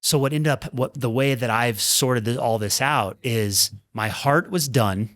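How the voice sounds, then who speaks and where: A man's voice: medium pitch, a bit bright, no room sound, clean studio sound. A man and former pro tennis player, a podcast guest, reflecting earnestly on his career in candid storytelling. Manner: earnest, reflective, talks in quick bursts.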